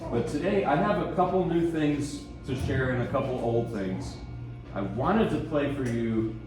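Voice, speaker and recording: Relaxed man talking in an echoey room. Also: medium pitch, normal speed, music in the background. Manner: relaxed, rambling, self-deprecating, with chuckles. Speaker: pianist giving a lecture recital. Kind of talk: casual spoken introductions between pieces. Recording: echoey room, mic at a distance.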